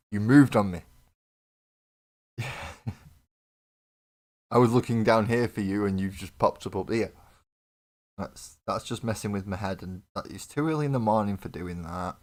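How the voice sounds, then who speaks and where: A man talks his way through a live miniature-painting session at home. His voice sits very low and deep. He rambles, teases his viewers and pokes fun at himself as he works. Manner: rambling, joking, self-deprecating banter with chat. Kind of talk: casual live-stream chat while painting. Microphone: desk mic on live webcam stream.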